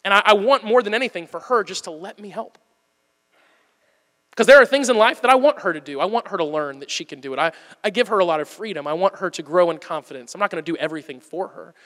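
Guy pastor preaching, bright tense voice, pretty high, earnest and repeats stuff for emphasis. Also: expressive, fast, in a large hall. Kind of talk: sermon.

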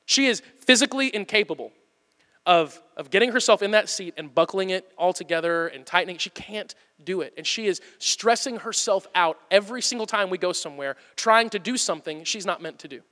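A man's voice: high voice, fairly quick, pushed and bright, long reverb tail. A male pastor giving a sermon in an earnest, conversational way with emphatic repetition.

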